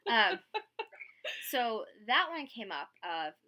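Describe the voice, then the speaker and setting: A woman's voice: on the high side, big pitch swings, extremely slow, bright, forceful tone. A woman from Scotland with an American accent, hosting a podcast in a blunt, casual chat that is full of laughter. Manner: blunt, swears, laughs often. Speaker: podcast host.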